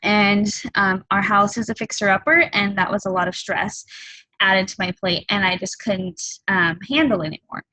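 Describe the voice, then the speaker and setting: A woman in her thirties, a fitness coach, giving a candid and earnest personal testimony on a group call, halting often with ums. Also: mid-range voice, steady tone, pushed and bright, dry recording, poor audio. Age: 30s.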